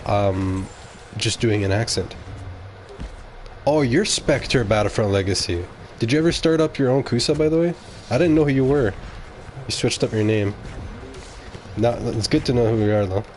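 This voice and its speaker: A man's voice: mid-range voice, a little mellow, slight background noise. A man streaming live, rambling bluntly and talking straight to his chat. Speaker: game streamer.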